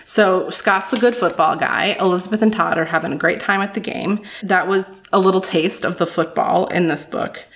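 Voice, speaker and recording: A woman's voice: fairly low pitch, fairly even intonation, moderate pace, hardly any pauses, a bit bright, slight background noise. A woman co-hosting a book podcast, chatting casually, laughing often and reading excerpts aloud.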